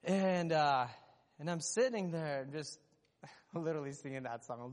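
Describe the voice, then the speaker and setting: A man's voice: a little high, measured pace, in a large hall. A worship leader, a man, sharing a candid, self-deprecating testimony with his church. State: recovering from lost voice. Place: church sanctuary.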